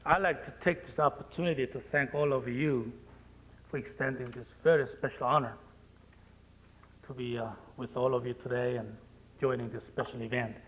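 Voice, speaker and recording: A man with a Korean accent, a congressman giving a public speech in a plainspoken, joking way with halting phrasing. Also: medium pitch, steady tone, fairly bright tone, a little hiss or hum.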